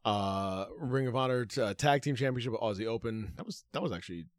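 A man's voice: mid-range voice, brisk, no room sound, studio quality. A man co-hosting a podcast in casual chat, rambling through his points with many "uh" fillers and some swearing. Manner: rambling, full of "uh" fillers, profane. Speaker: podcast co-host.

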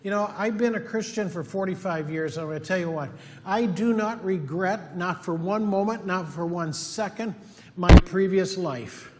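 A man's voice: sits high, moderate pace, hardly any pauses. A middle-aged male pastor preaching a sermon in an earnest, emphatic way, repeating his key points. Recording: long hall reverb.

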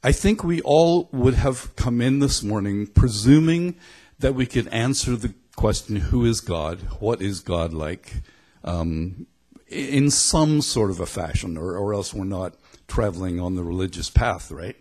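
A man's voice: on the low side, animated, unhurried, darkish tone. A middle-aged man from Belfast giving a conversational sermon, reflective and thinking aloud as he goes. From Belfast, Northern Ireland. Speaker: preacher.

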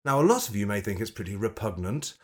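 A man co-hosting a comedy podcast, chatting casually with a wry, deadpan manner. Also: fairly low pitch, quick pace. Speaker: podcast co-host.

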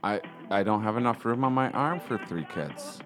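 A frazzled bride-to-be with a raspy, lowish voice, as a man puts her on in a comedy prank call. She bickers defensively, then apologizes in a rush. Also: animated, moderate pace, over music, lightly acted. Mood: bickering. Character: stressed raspy-voiced bride-to-be woman with sleeve tattoos. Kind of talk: improvised prank call role-play.

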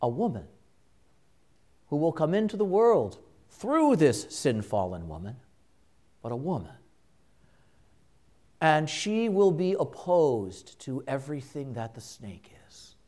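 A man preaching a sermon, slow and emphatic, with dramatic pauses and quiet hushed drops. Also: a little high, sing-song.

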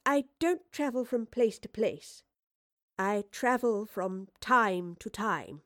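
A woman's voice: on the high side, animated, a little slow, dry recording, clean studio sound. A woman voicing an earnest, educated woman time traveller who explains herself carefully and hesitantly. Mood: explaining.

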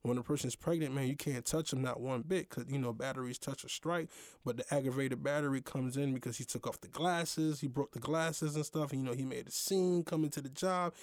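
A man's voice: medium pitch, fairly quick, no room sound, studio quality. A young man hosting his own show, telling a personal story in a loose, slangy way with lots of fillers. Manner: slangy, animated, full of fillers. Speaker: podcast host. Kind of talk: casual storytelling.

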